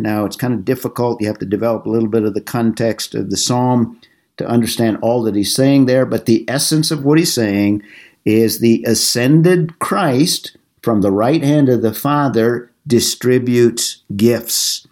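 A middle-aged man leads a Bible study class at an average, even pitch. He explains each point in a measured, methodical way, sometimes pausing to restart a phrase.

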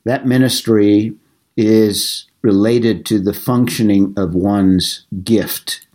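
A middle-aged man teaching a Bible study class, explaining passages in a measured way with some halting restarts. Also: fairly low pitch, steady tone, darkish tone.

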